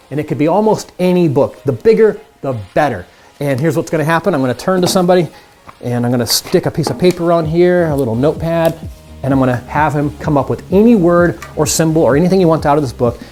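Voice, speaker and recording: A man's voice: on the high side, darkish tone. A man teaching mind reading magic tricks in a casual, upbeat tutorial, chatting straight to the viewers.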